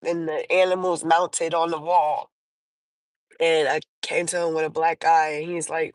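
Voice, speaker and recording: A livestream host with a deep voice tells personal stories in a casual, rambling chat full of fillers and restarts. Her pitch barely moves and her pace is measured, on a low-quality recording with no room sound.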